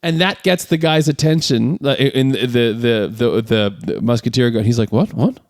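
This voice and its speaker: This is a man of middle pitch talking through a film on a podcast. He tells the scenes in a loose, chatty way and jumps into voices for the characters. The recording is close and dry, with no room sound. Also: normal speed, dry recording. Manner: animated retelling, acting out characters' lines. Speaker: podcast co-host. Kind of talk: casual movie recap chat.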